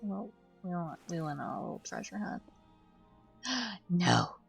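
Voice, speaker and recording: A woman's voice: lowish voice, a little fast, vocal fry, a little mellow, faint music behind. A woman streaming a game, talking to herself in a jittery, easily spooked way as she plays. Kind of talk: casual gameplay commentary.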